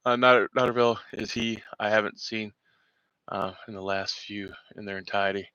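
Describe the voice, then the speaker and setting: Cussing vet guy ranting on his show, bright voice, dull lo-fi sound. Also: on the low side, steady tone, moderate pace, smooth, no echo. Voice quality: profane, heated, rambling. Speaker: veteran show host. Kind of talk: ranting live commentary.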